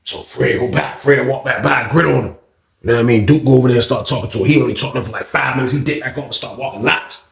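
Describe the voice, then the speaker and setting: A man's voice: medium pitch, fast, creaky. A man casually telling a story with loose conversational asides. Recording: roomy echo.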